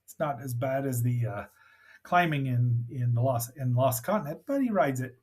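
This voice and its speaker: A man's voice: medium pitch, animated, moderate pace, darkish tone, breathy edge. A man hosting a casual review of an old film, rambling and chatty with many fillers and asides. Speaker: movie reviewer host.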